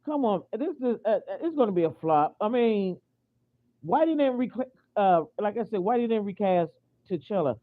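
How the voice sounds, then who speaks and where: A woman's voice: mid-range voice, big pitch swings, moderate pace. Indignant American woman ranting, tinny audio. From United States. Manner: indignant, repetitive, frequent restarts and fillers. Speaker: vlogger. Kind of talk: casual opinion rant.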